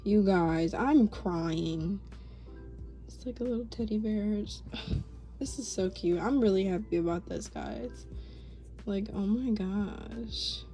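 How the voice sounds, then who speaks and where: A woman's voice: mid-range voice, slow, mellow, soft background music. Gushing young woman unboxing doll clothes. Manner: gushing, gasping, filler-heavy, drops to whispers. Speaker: vlogger. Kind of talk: casual unboxing vlog.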